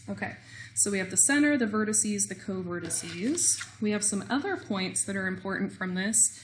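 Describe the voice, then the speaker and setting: A woman's voice: medium pitch, animated, normal speed, a little hiss or hum. A woman teaching a recorded math lesson, explaining step by step with small self-deprecating jokes.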